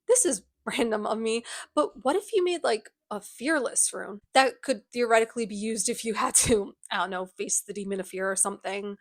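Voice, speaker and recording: A woman's voice: on the high side, normal speed, hardly any pauses. A woman quoting a defiant, exasperated teenage boy hero in a snarky, sweary way.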